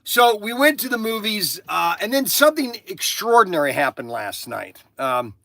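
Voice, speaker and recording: An older man talking casually on his livestream, with a bright, forceful voice pitched a little high for a man. He rambles and restarts often, and the sound is close and dry. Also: big pitch swings, creaky, no room sound. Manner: halting, with many restarts and asides. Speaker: livestream host.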